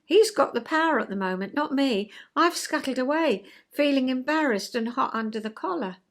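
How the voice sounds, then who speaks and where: A woman, hosting a chatty vlog and explaining ideas in a gentle, conversational way, acting out little everyday scenes. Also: high-pitched, animated, moderate pace. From England. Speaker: vlog host, retired counsellor.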